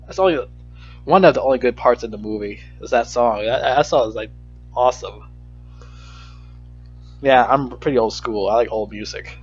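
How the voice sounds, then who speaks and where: Profane, rambling man ranting about a movie. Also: medium pitch. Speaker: movie reviewer. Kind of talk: casual rant review. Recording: slightly dull lo-fi audio.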